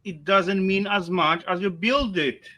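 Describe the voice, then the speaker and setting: A man's voice: high-pitched, unhurried, a crowd in the background. A man in a casual live chat, easygoing and earnest. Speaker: chat guest.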